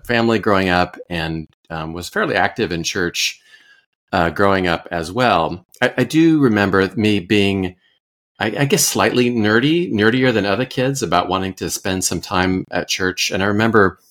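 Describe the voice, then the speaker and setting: Deep-voiced Iowa-born pastor telling his story. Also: fairly bright tone. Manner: thoughtful, self-deprecating, with frequent fillers and restarts. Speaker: pastor and podcast guest. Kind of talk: relaxed conversational storytelling.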